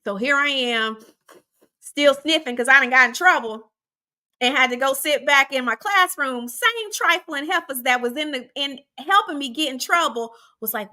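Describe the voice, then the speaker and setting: A woman from Arkansas, hosting a show and telling a story in a chatty, animated way straight to her listeners. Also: high-pitched, moderate pace. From Arkansas, USA. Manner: chatty and animated, often addressing listeners directly. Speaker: host. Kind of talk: casual storytelling to the audience.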